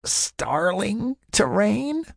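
A man's voice: sing-song, very slow, vocal fry, no room sound, studio quality, heavily acted. Man doing a tipsy giggling young woman. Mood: tipsy teasing. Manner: slurred, teasing, high put-on voice.

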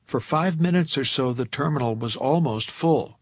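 A man reads a novel aloud in the first person, in a measured, tense way. His mid-pitched voice is gravelly and husky. The sound is dry and close, with no room around it. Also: no room sound. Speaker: audiobook narrator.

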